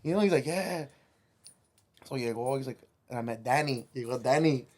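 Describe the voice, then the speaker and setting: A man's voice: medium pitch, moderate pace, a little mellow. A man, a musician guest on a podcast, telling a rambling, profane story and slipping Spanish phrases into his English.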